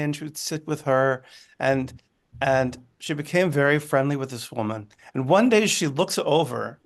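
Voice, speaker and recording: Guy on a video call from his living room, gravelly voice, keeps restarting, chatty storytelling. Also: on the high side. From United States. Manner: halting, with frequent restarts and asides. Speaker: guest. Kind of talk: conversational storytelling.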